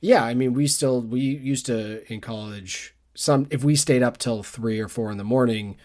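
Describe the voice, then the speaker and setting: A man's voice: mid-range voice, normal speed, darkish tone. A man in his forties co-hosting a casual book club podcast, telling rambling stories and laughing at his own anecdotes. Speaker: podcast co-host.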